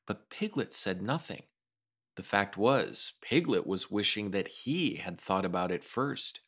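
A man reading a children's storybook aloud in an expressive, animated way, as the show's regular storyteller. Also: low voice, a little slow.

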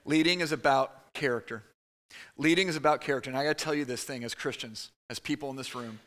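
Give me a man preaching in a church, conversational and bright-toned. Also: mid-range voice. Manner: conversational preaching with quick asides. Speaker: pastor. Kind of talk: sermon. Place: church sanctuary.

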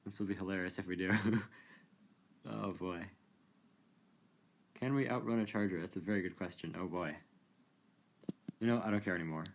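Man, lowish voice, casual gameplay commentary, amused, chatty, laughs a lot. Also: moderate pace, pauses often, slight background noise. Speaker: gaming video creator.

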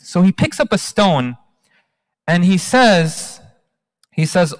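Animated storyteller man in an echoing hall. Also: high voice, takes it slowly, long pauses. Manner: animated, engages the audience. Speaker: guest speaker. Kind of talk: storytelling religious talk. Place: large hall at a community talk night. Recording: long hall reverb.

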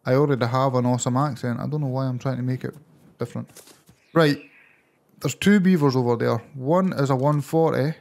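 A Scottish man commentating his own gameplay in a gravelly, creaky voice. He talks to his viewers casually and keeps bursting into excited, surprised outcries. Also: mid-range voice, a little fast. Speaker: gaming channel host. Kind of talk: let's play gameplay commentary.

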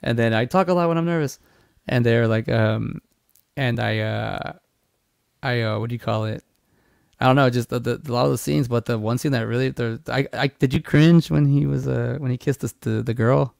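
A man's voice: medium pitch, moderate pace, gravelly, darkish tone, smooth, dry recording, studio quality. A man co-hosting a movie podcast, talking casually in a rambling, profane way with many restarts. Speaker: podcast co-host.

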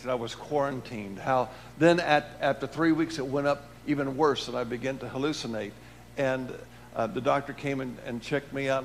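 A man preaching and telling a personal testimony, swinging between loud emphatic lines and hushed low ones. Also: slight background noise. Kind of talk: testimony sermon.

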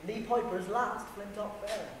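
A man's voice: high-pitched, steady tone, unhurried, a little hiss or hum. A young man playing a cheeky village lad in a student stage play, chatty and laughing, with a put-on West Country accent. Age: young adult. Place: college theatre stage. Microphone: far camera. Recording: echoey hall from far off.

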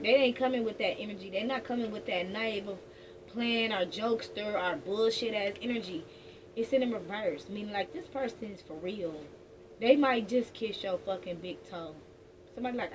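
A woman's voice: mid-range voice, moderate pace. A woman giving a casual tarot reading in a blunt, profane, joking way. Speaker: tarot reader. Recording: distant mic with background noise.

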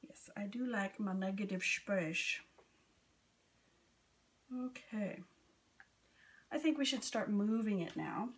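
A woman's voice: medium pitch, slow pace, pauses often, slightly rough. A woman artist narrating her painting in a casual, gushing way, often dropping into a whisper, recorded on a camera on a stand. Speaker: acrylic pour artist.

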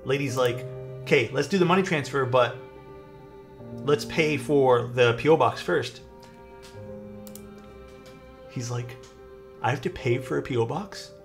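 A young man streaming to his chat tells a story casually and with animation, acting out the people in it. His voice is medium-pitched, creaky, and moderately paced, with faint music playing behind him.

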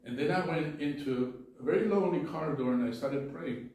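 Earnest pastor in an echoey church. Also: male voice, fairly high pitch, a little fast, darkish tone, distant mic. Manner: earnest, stumbling restarts. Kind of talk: sermon. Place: church sanctuary.

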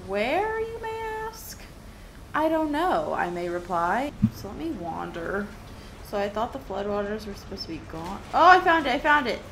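A woman's voice: mid-range voice, big pitch swings, normal speed, noisy background. A woman hosting a gaming video, chatting to herself and exclaiming as she plays. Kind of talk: casual let's-play commentary.

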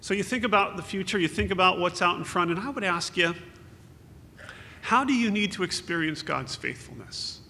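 A man's voice: high-pitched, lively intonation, moderate pace, vocal fry, sharp tone. A man giving an earnest, consoling memorial sermon as pastor, quoting scripture. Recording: echoey hall with faint hum.

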